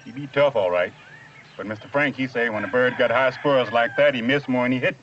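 An actor playing a farmhand named Buford who speaks in plain folksy grammar. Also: male voice, medium pitch, fairly quick, a bit bright, close to an everyday voice. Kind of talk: film dialogue. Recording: distant dull film sound with barnyard noise.

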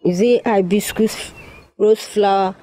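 A woman's voice: medium pitch, fairly even intonation, a little slow, dark tone, natural voice. An actress with a Nigerian accent playing a naive young daughter who answers her father innocently.

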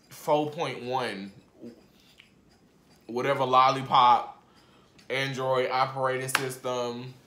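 Guy vlogging a storytime, bright voice, slangy, jumps from mumbling to yelling. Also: mid-range voice. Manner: animated storytelling, swings from muttered asides to shouted outbursts; casual slangy speech. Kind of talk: storytime vlog. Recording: roomy echo.

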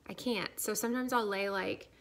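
A young woman talks casually to camera, rambling along with constant "like"s and fillers. Her voice has a gravelly fry and stays fairly flat in pitch, and she sounds slightly out of breath. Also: moderate pace. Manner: chatty, filler-heavy, says "like" a lot. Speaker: vlogger. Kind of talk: casual pregnancy update vlog.

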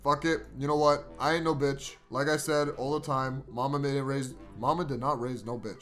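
A young man playing a mobile game, cursing and shouting at the characters, swinging between low grumbles and loud outbursts. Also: fairly even intonation, moderate pace, hardly any pauses, soft background music. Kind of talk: profane gameplay commentary.

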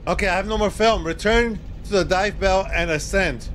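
Man, game streamer, high lively voice, excitable, yelps, faint hiss behind. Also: moderate pace. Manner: excitable, yelps and shouts in panic. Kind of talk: live gameplay commentary.

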